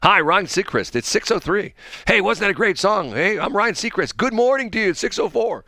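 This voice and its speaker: Bright sing-song countdown DJ, male, chirpy, as a radio host mimics him. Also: high-pitched, expressive, a little fast, no echo, studio quality, voice pushed up, exaggerated voice. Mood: breezy.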